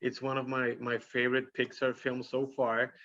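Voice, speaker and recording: A man conducts a press interview at a middle pitch, stumbling over words and repeating himself. His recording sounds slightly dull. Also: completely flat delivery, fairly bright tone. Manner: halting, with many repeated words and fillers.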